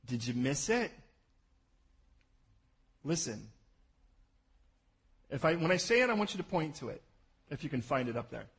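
A man preaching a sermon, animated and jokey, swinging from loud bursts to low asides. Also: normal speed, vocal fry, pauses often, husky, low-quality recording. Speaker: pastor.

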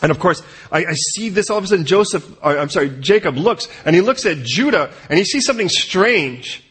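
Casting: male preacher, husky and fairly high, lively delivery with voiced asides. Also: brisk. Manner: animated preaching, acting out quoted voices. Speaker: pastor. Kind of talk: sermon.

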